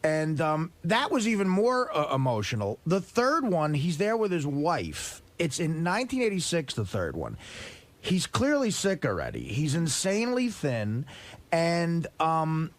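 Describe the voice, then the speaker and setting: A man on a radio show, rambling and animated as he tells a story, swearing freely. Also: a little high, unhurried. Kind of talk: studio banter, storytelling.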